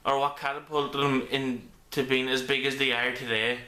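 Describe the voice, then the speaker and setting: A man talks through a comic book review in a casual, rambling way, stopping often to restart his sentences. His voice is bright and forward. It is picked up on a camera mic in an echoey room at home. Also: mid-range voice, flat delivery, normal speed. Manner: rambling with many ums and restarts.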